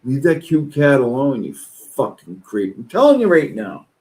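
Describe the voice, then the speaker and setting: A man streaming reaction commentary, ranting angrily and swearing. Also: rough recording. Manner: slow-paced, with lively pitch swings. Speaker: streamer reacting to online posts.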